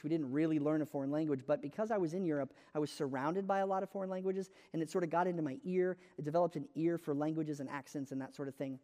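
A man's voice: a little high, dark tone, in a large hall. An American man preaching a sermon in a conversational, self-deprecating storytelling way, with frequent fillers. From United States.

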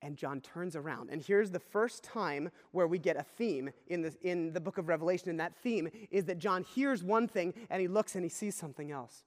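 A male pastor preaching a sermon, retelling a scripture vision with earnest storytelling and big swings between loud and hushed delivery. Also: high voice, normal speed, hardly any pauses. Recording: long reverb of a large hall.

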